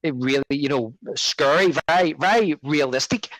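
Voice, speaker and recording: A man's voice: a little high, normal speed, fairly bright tone, no echo, rough recording. A man co-hosting a podcast, chatting casually about a film with rambling restarts and fillers. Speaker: podcast co-host. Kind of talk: casual film review chat.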